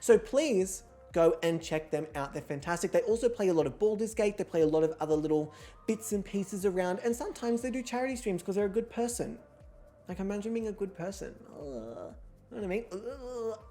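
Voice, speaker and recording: A woman's voice: medium pitch, lively intonation, a little fast, warm tone, faint music behind. A woman hosting an online reality game show livestream in a playful, theatrical way, with casual swearing. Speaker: host.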